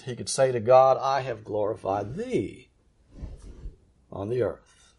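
A man preaching a sermon in an earnest, emphatic way, slowing down to stress key words. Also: mid-range voice, a little mellow.

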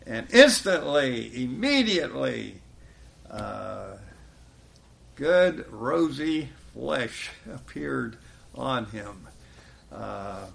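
A man's voice: medium pitch, vocal fry. A man preaching a sermon in a folksy way, chuckling often and quoting scripture with rising emphasis.

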